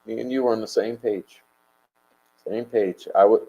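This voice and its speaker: A man's voice: fairly low pitch, steady tone, normal speed, mellow, muffled recording. A man hosting a casual livestream, rambling and swearing emphatically as he chats and answers viewer comments. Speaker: livestream host.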